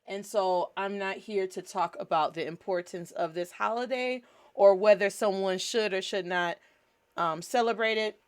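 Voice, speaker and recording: A woman's voice: medium pitch, moderate pace. A woman hosting a casual teaching podcast, upbeat and playful, spelling words out and coaching her listeners. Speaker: podcast host and language teacher.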